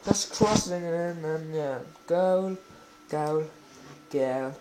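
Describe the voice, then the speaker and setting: A man giving live commentary while playing a football video game, exclaiming and swearing excitedly at the action. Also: on the high side, slow pace, noisy background.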